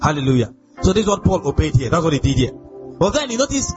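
A man's voice: a little high, big pitch swings, fast, muffled recording, music in the background. A male pastor preaching a sermon, emphatic and often putting questions to the congregation.

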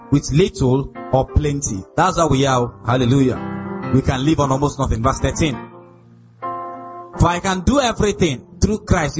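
Male pastor, high voice, emphatic sermon, dull recording with music behind. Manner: emphatic, asks the congregation questions.

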